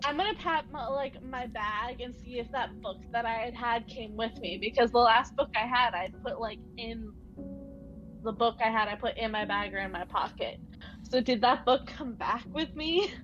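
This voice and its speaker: A woman's voice: a little high, normal speed, a bit bright. A woman playing in a tabletop game, chatty and swearing casually as she plays her character. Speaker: player. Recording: dull lo-fi mic.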